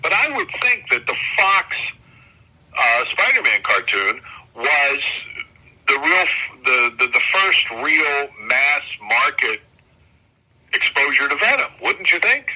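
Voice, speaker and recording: A man's voice: fairly high pitch, big pitch swings, slow, sharp tone, slightly rough, low-quality recording. An older man, a comic artist guest, talking casually and enthusiastically in an interview, often restarting his sentences. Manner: rambling, self-correcting, enthusiastic.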